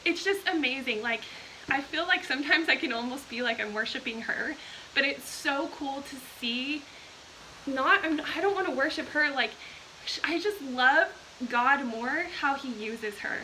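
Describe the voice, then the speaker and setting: A woman's voice: high voice, animated, moderate pace, sharp tone, a little hiss or hum, poor audio. A woman hosting a live video, chatting casually and gushing with enthusiasm as she reads viewer comments aloud.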